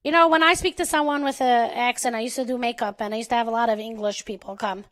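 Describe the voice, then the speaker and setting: A high, bright, squeaky-voiced American woman chatting away on a charity livestream. She is bubbly and talkative, with a voice that stands out, and she laughs easily. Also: fairly even intonation, fast. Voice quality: squeaky, distinctive voice. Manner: chatty and bubbly, laughs often, says "you know what I'm saying". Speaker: co-host of a charity auction livestream. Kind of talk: casual chat.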